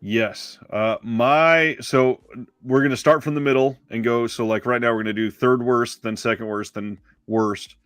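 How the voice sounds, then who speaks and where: A man's voice: medium pitch, fairly even intonation, moderate pace, fairly bright tone, dry recording, studio quality. A man co-hosting a casual movie podcast, rambling and correcting himself with lots of fillers. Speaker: podcast co-host. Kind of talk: casual movie-review chat.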